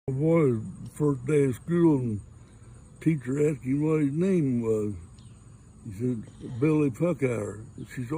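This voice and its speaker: Older man, gravelly, mellow, rambling folksy joke telling, outdoors, faint background noise. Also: medium pitch, slow pace, low-quality recording. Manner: folksy rambling delivery with many wells. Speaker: joke teller. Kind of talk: telling dirty jokes.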